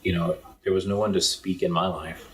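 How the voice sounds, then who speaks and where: A man's voice: sits low, level tone, fairly quick, distant mic, rough recording. A man from East Texas with a mostly neutral American accent, a podcast guest telling stories in an earnest, reflective way. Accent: neutral American, faint Texas trace. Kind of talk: casual conversation.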